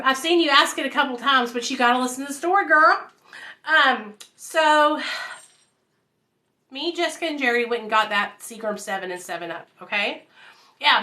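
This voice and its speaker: A woman's voice: on the high side, sharp tone. A woman, casually telling her life story to viewers at home, calling them y'all. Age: 30s. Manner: chatty, addresses viewers as y'all and you guys.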